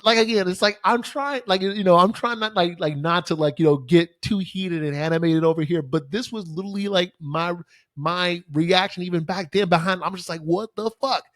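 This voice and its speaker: A man's voice: high-pitched, a little fast, a bit bright, no echo, studio quality. A young man, hosting a solo podcast and telling stories with lots of fillers and swearing. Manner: casual, profane, exasperated ranting with many fillers. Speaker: podcast host. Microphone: studio microphone facing camera.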